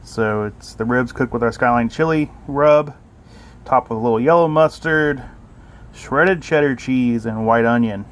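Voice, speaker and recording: A man hosting a casual barbecue cooking vlog, filming outdoors by his smoker on a phone in a relaxed, upbeat, plainspoken way. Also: medium pitch, measured pace. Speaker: barbecue channel host. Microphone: phone camera. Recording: noisy outdoor phone recording.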